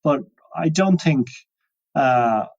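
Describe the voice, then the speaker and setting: A man's voice: a little high, expressive, slow, darkish tone, highs cut off. A man talking as an interview guest, musing and reflective, often restarting his sentences. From Ireland. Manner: musing, many restarts and trailing phrases.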